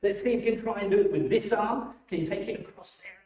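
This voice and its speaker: A man leading children through warm-up exercises at a church holiday club, enthusiastic and encouraging, in a church hall. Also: sits high, fast talker. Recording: echoey, dull sound from a distant mic.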